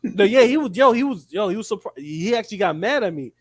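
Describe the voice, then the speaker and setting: A man in casual chat, telling an animated story and acting out what other people said. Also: high voice, quick pace, heavy background noise. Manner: animated storytelling, acts out quotes. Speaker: guest storyteller.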